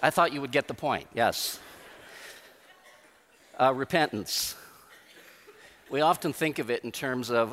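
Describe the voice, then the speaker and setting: A man preaching a sermon as pastor, emphatic, with pauses and repeated phrases. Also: mid-range voice, a bit bright. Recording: long reverb of a large hall.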